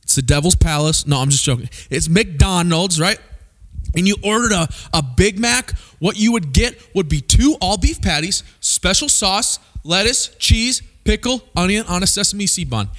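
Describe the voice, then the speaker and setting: A young man from Missouri preaching a sermon, animated and peppering the crowd with rhetorical questions. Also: high-pitched, moderate pace. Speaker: pastor.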